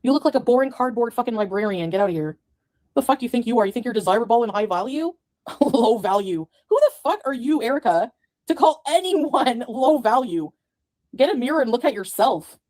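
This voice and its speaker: A woman's voice: fairly high pitch, expressive, fairly quick, a little mellow. A woman in a played clip delivering an angry, profane rant to the camera, scornful and cursing at her critics.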